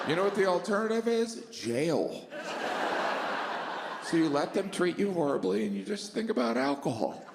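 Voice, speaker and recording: A middle-aged man performing deadpan, self-deprecating stand-up comedy. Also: high voice, moderate pace, vocal fry, very noisy. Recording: echoey hall with distant pickup.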